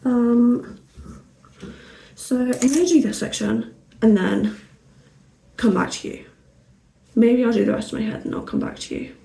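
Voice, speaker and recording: A young woman from Somerset, England, dyes her hair for a vlog, chatting in a rambling way and correcting herself as she goes. Her voice is a little high, mellow, and creaky, unhurried with frequent pauses. She's far from the mic in an echoey room.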